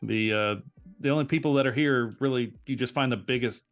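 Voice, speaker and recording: A man narrating as game master of a tabletop role-play game, telling the scene in an animated way with frequent restarts. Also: medium pitch, fairly quick, soft background music.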